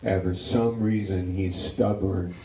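A man preaches in a slow, easygoing Bible-teaching style, voicing the characters as he tells the story. His voice is low, dark and gravelly. He is recorded from a distance in a roomy, echoing hall. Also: slight background noise. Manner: animated storytelling, acting out characters in dialogue.

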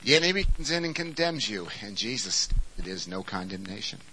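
A man preaching a sermon, swinging from quiet explanation to shouted emphasis. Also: fairly low pitch, sing-song, fairly quick, slight background noise, rough recording.

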